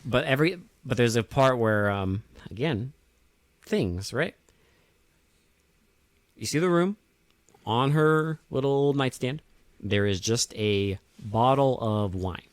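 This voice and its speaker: A man's voice: medium pitch, expressive, slow pace, long pauses, no echo. A man co-hosting a podcast, casually recapping a movie in a blunt, profane and mocking way. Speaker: podcast co-host.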